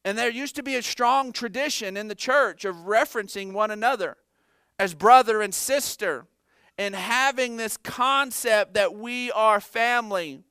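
Male pastor, middle-aged, clear and smooth, animated sermon delivery with jokes. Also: sits high, unhurried, dry recording, clean studio sound. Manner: animated, joking asides to the congregation. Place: church sanctuary.

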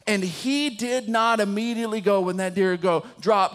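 An older man preaching in a church, telling a story from his own life with a slightly high voice. His delivery builds from easy storytelling into loud, animated preaching. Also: moderate pace, few pauses. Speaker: pastor. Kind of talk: sermon with a personal story. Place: church sanctuary.

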